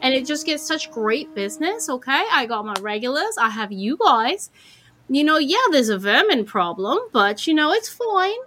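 A woman's voice: high-pitched, very animated, normal speed, bright, forceful tone, a little hiss or hum. A woman running a tabletop game, voicing people in chatty, folksy small-town diner talk. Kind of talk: in-character tabletop role-play.

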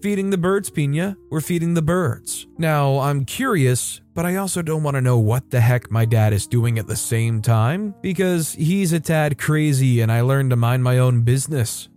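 A man narrating online stories in a casual, lively reading style. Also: a little high. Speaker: story narrator.

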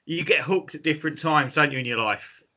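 A man's voice: fairly high pitch, brisk, pushed and bright. A man, chatting casually and teasing the others as a podcast co-host. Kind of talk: casual chat. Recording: dull lo-fi sound.

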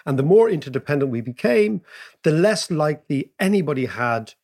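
Guy, slightly higher voice, chatty and animated, loves a good yarn. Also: fairly quick. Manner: animated, laughing anecdotes. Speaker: podcast co-host. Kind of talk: casual chat and storytelling.

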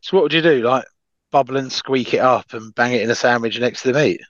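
A man co-hosting a casual podcast, bantering and pitching ideas with plenty of swearing. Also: fast, fairly bright tone, no echo, highs cut off. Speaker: podcast co-host.

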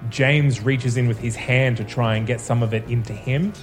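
A man running a tabletop game, narrating slowly with halting pauses and fillers. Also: medium pitch, fairly even intonation, faint music behind. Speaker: game master.

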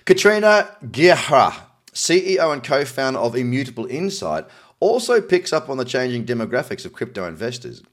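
A man's voice: medium pitch, big pitch swings, moderate pace. A middle-aged Australian man casually reading out news articles and adding cynical, wry asides. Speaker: crypto news commentator.

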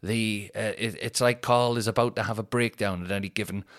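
A man's voice: on the low side, fairly even intonation, a little fast, a bit bright. A young man, a comedian hosting his podcast, rambling through a sweary, self-mocking monologue full of tangents.

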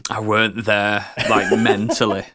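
A man's voice: lowish voice, flat delivery, a little slow, a crowd in the background. A man playing a tabletop role-playing game with friends, joking and swearing in casual banter. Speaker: player.

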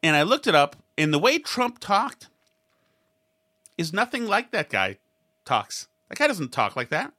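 Rambling opinion-show commentator, sarcastic, bright tone. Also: medium pitch, huge pitch swings, unhurried, pauses often. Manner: rambling, sarcastic, mimics others in quotes; frequent restarts and asides.

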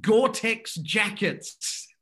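A man's voice: high-pitched, animated, bright, forceful tone. A man chatting casually as a guest, rambling through a story with frequent restarts and laughs. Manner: rambling, self-interrupting, quick to laugh. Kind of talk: casual anecdotal chat.

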